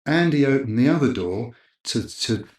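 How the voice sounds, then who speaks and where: A middle-aged man, a camera operator guest, telling a lively anecdote in a casual interview and acting out other people's lines. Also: medium pitch, normal speed. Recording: roomy echo.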